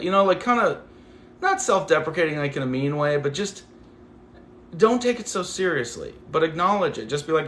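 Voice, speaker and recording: A man's voice: on the high side, lively intonation, normal speed, pauses often, a bit bright, roomy sound, slight background noise. A man hosting a casual livestream, talking to his viewers in a rambling, affectionate way full of "like". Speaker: livestream host.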